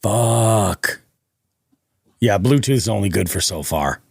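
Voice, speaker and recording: Husky low-voiced man reacting on a podcast. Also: animated, slow, no echo, studio quality. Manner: reactive, swearing interjections. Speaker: podcast co-host. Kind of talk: casual chat.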